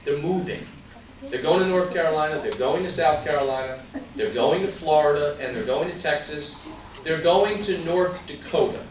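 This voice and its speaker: A man's voice: on the high side, moderate pace, noisy background. A man giving an emphatic campaign stump speech at a party meet-and-greet, firing rhetorical questions and asides at the crowd. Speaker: political candidate. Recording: very echoey room from far off.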